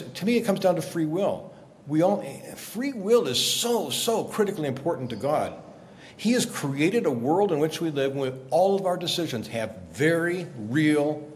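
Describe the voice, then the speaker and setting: A man, a guest journalist, explaining scripture in a lively conversational way, acting out quotes as he tells the story. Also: a little high, slight background noise. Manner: animated storyteller, acts out quotes. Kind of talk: conversational Bible teaching.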